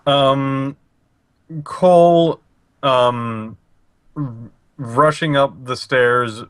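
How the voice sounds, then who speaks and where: A man playing in a tabletop role-playing game, describing his character's actions haltingly with fillers. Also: mid-range voice, clear, resonant tone, dry recording. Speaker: player.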